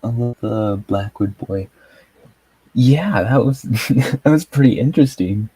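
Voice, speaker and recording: A man's voice: medium pitch, a little slow, dark tone, breathy edge, dry recording, low-quality recording. A man chatting casually as he reviews a TV episode, rambling with lots of fillers and frequent chuckles. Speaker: TV show reviewer. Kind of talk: casual video review chat.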